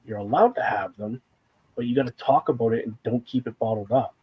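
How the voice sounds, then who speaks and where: A man with a husky, slightly rough voice talks openly about his feelings in a relaxed conversation. He rambles a little, leaning on fillers, and sounds close to tears at times while staying earnest. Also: medium pitch, brisk, lo-fi sound. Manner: candid, fighting back tears at times. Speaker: guest sharing a personal story. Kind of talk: casual conversation.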